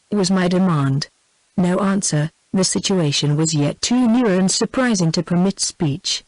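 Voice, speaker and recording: A text-to-speech woman's voice with a British English accent, reading a classic novel aloud in an even, measured way. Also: lowish voice, dry recording, low-quality recording. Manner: even, measured synthetic delivery. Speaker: audiobook narrator.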